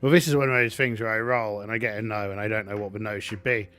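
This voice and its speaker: A man's voice: fairly low pitch, fairly even intonation, fast talker, a bit bright, faint music behind. A man narrating a solo tabletop game, thinking aloud with many restarts and fillers.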